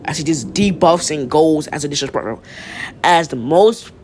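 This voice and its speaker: A man's voice: on the high side, lively intonation, normal speed, darkish tone, a little hiss or hum. A young man casually retelling a fan story, rambling with restarts and slang.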